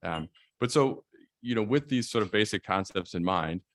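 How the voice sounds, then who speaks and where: A man, an estate planning attorney, giving a measured, explanatory conference presentation. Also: fairly low pitch, lively intonation, a bit bright, no room sound.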